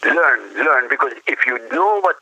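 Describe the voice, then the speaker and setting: A man's voice: medium pitch, animated, moderate pace, sharp tone, rough recording. A man calling in as a regular radio guest, speaking earnestly and repeating words for emphasis. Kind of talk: phone-in guest on talk radio.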